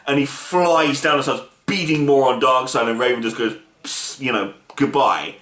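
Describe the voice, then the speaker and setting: A man's voice: mid-range voice, moderate pace, hardly any pauses, fairly bright tone. A man casually reviewing a film, retelling the plot with enthusiastic, rambling energy. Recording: roomy echo.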